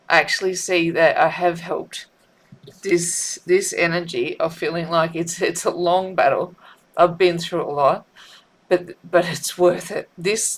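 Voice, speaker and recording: A woman, a tarot reader talking in a heartfelt, tearful way, often halting and repeating herself. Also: lowish voice. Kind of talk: emotional spiritual vlog.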